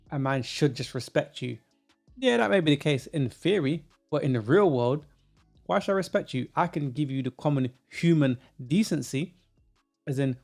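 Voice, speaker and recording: A man's voice: on the high side, creaky, darkish tone. A man co-hosting a casual opinion podcast, talking emphatically and often repeating himself. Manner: emphatic, repeats himself, frequent agreeing hums. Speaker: podcast co-host.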